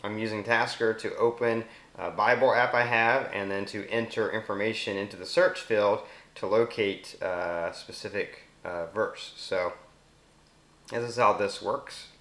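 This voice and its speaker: A man with a Southern US accent casually explaining a phone app, speaking voice commands slowly and clearly in between. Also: fairly low pitch, steady tone, a bit bright. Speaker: app demonstrator. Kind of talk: casual screen demo narration. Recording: roomy echo.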